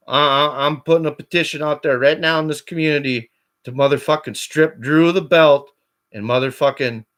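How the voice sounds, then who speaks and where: A man on a call-in show, ranting angrily and swearing constantly, his voice climbing toward shouts. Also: mid-range voice. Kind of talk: angry profane rant.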